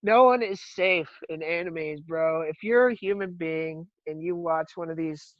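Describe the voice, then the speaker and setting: A man's voice: on the high side, measured pace, no room sound, muffled recording. A man in casual podcast chat who tells stories with lots of laughter and swearing. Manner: laughs often, swears freely, animated storytelling. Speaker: podcast guest or host.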